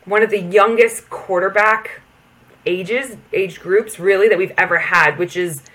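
A woman's voice: mid-range voice, a little slow, a bit bright. An American woman, a football player and podcast guest, explaining the sport in an enthusiastic, easy way. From United States. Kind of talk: casual interview chat.

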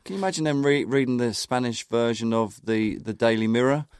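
A man co-hosting a relaxed podcast, chatty and playful, setting up little stories. His pitch sits in the middle for a man. The sound is dry and close to the mic. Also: brisk, clean tone, no echo. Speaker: podcast co-host. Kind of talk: casual chat.

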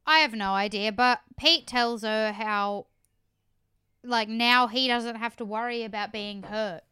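A woman co-hosting a podcast, her voice smooth, clear and bright, sitting a little higher than most. She chats easily and drops in dry, wry jokes. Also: unhurried. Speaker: podcast co-host. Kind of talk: casual chat recapping a reality show.

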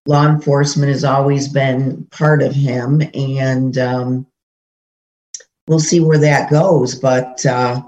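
A woman's voice: very deep voice, fairly even intonation, slow, darkish tone. A woman running for office, telling indignant stories in an interview with many fillers. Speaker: political candidate. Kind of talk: interview conversation. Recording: dull lo-fi audio.

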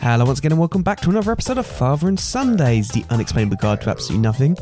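A man's voice: mid-range voice, big pitch swings, rapid-fire, over loud music. A young man hosting a podcast with his father, chatting casually and joking around. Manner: playful, joking. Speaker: podcast host, son. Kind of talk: casual chat.

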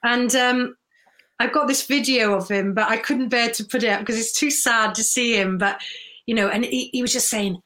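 A woman's voice: fairly high pitch, moderate pace. A woman, telling stories in a casual chat, laughing often. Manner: warm storytelling, laughs often, mimics voices. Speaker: guest.

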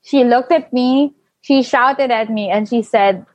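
A young woman telling a personal story in casual chat, full of fillers and animated quoting. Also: a little high, measured pace, no echo. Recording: dull lo-fi, dry.

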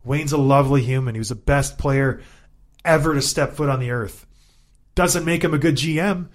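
A man in his thirties, a former hockey player co-hosting a casual sports chat, ranting in an animated, exasperated way and repeating himself for emphasis. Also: mid-range voice, normal speed. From Canada.

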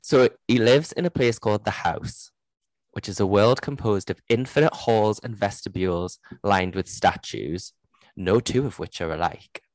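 A woman's voice: rumbling low, normal speed, darkish tone, no room sound. A young woman with a Geordie accent, co-hosting a casual book chat, laughing often and swearing freely. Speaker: podcast co-host.

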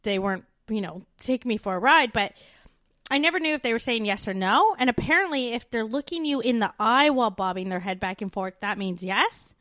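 A woman from Canada co-hosting a podcast, telling stories in a relaxed, conversational way. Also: fairly high pitch, fairly quick, dry recording, studio quality. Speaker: podcast co-host. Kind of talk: casual chat.

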